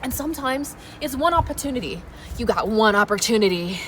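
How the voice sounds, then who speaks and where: A woman YouTuber gives a playful, emphatic motivational talk on an outdoor balcony, her voice on the high side and a little fast. She's energetic and leans on emphatic repetition, while noisy outdoor ambience with traffic fills the recording.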